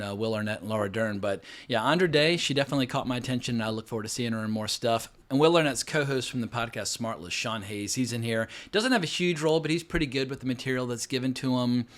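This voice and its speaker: A man's voice: medium pitch, a bit bright. A man giving a casual, rambling spoken film review, frank and sprinkled with fillers and profanity. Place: home, New York City.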